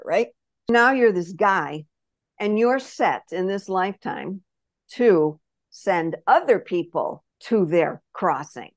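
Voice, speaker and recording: A woman spirit messenger telling a past-life reading as an animated story, acting out quotes and often asking if the listener follows. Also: on the low side, slow, no room sound, clean studio sound. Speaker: spirit messenger, podcast guest.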